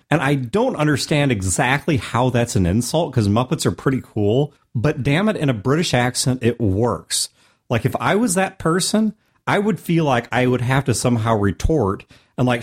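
An American man with a sore throat hosting a solo podcast, joking with big swings in pitch. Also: breathy edge. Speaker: podcast host.

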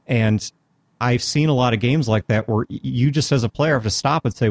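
A man's voice: medium pitch, normal speed, no echo. A man hosting a podcast about tabletop games, talking in an earnest, thoughtful way. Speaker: podcast host. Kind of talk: casual chat.

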